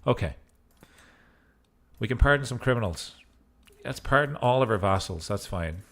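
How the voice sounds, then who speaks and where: A man's voice: medium pitch, lively intonation, normal speed, fairly bright tone. A man giving casual gameplay commentary as a streamer, in a goofy mood with joking asides. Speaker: gaming streamer.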